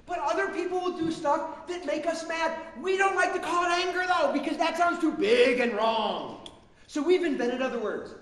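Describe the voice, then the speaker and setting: A man's voice: extremely high pitch, normal speed. A man preaching a humorous, self-mocking sermon as pastor on a church stage. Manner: self-mocking, animated storyteller. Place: large church hall. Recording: echoey church hall, long reverb.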